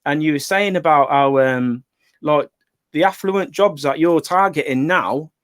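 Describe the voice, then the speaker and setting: A man's voice: on the high side, a little slow, fairly bright tone, no room sound. A man from the West Midlands hosting an interview, asking long rambling questions in a chatty way. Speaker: interviewer, channel host. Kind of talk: casual interview.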